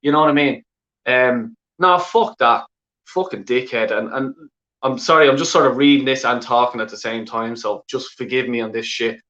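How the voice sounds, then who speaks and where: A man's voice: medium pitch, normal speed, bright, forceful tone, reverberant. Swearing, exasperated Irish man on muffled stream. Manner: heavy swearing, exasperated, repetitive filler phrases. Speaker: football fan vlogger. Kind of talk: angry live-stream rant.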